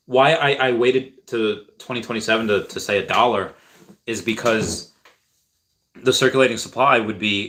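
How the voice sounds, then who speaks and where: Here's a man with a fairly low voice chatting casually on a livestream. He rambles and repeats himself as he answers viewer questions, stumbling through restarts and filler words. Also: bright, forceful tone. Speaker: crypto streamer answering viewer chat.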